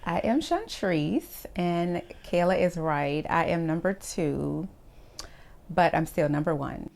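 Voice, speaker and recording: A woman's voice: on the low side, animated, slow pace, vocal fry, darkish tone. A woman with a New Orleans accent, a life coach joining a casual podcast chat and teasing playfully. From New Orleans, USA.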